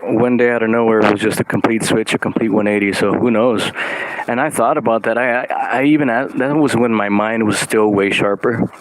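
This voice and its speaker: A man's voice: lowish voice, fairly even intonation, a little fast, rough recording. A man vlogging in a loose, meandering monologue, full of "like" and casual swearing.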